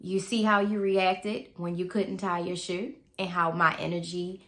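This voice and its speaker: A woman's voice: fairly low pitch, flat delivery, measured pace, a bit bright. A mother talking earnestly in a loose, conversational monologue, sharing advice. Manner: earnest, conversational, speaks in loose repeating phrases.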